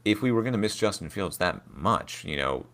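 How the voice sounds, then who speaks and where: A Pittsburgh man co-hosts a sports podcast, talking casually with plenty of opinions, fillers, and hedges. His deep voice is expressive, brisk, and a bit bright.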